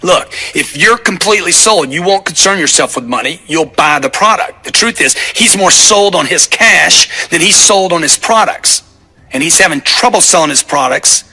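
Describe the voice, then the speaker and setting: A man's voice: fairly high pitch, bright, forceful tone, breathy edge. A man narrating his own sales book as a motivational audiobook, emphatic and punchy, driving his points home by repeating them.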